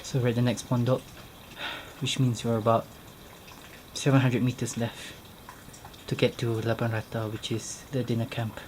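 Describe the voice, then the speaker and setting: A man's voice: mid-range voice, little pitch movement, normal speed, pauses often, a little mellow, slight background noise. A man narrating his own mountain hike on a handheld camera, out of breath and talking in a matter-of-fact way as he climbs outdoors. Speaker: vlogger. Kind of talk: hiking vlog narration.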